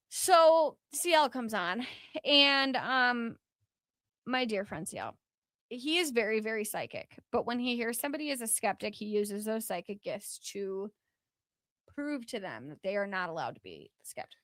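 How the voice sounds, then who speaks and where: A woman's voice: on the high side, moderate pace, dry recording. Chatty woman telling a story. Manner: animated, lots of filler words, acts out quotes. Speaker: podcast host. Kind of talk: casual storytelling chat.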